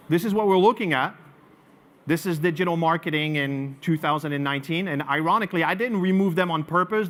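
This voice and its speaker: A man with a French accent presents to a live audience. His voice sits a little on the high side, and he tells stories with animated swings between punchy emphasis and hushed asides. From France. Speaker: marketing speaker.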